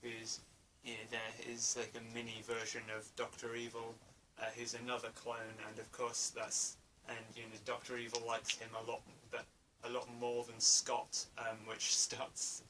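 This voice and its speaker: A man's voice: medium pitch, monotone, normal speed, few pauses. A man giving a casual spoken film review, hesitant, with many fillers and restarts. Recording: distant mic, faint room noise.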